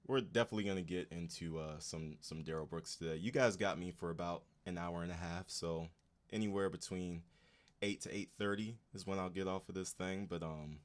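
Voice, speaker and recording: A man's voice: deep voice, fairly even intonation, a little fast. A man hosting a casual livestream, talking straight to his chat in laid-back slang. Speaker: livestream host.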